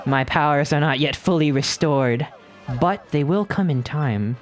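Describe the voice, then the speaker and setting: A man voicing an imperious ancient female demon queen, slow and commanding. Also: on the high side, soft background music, lightly acted.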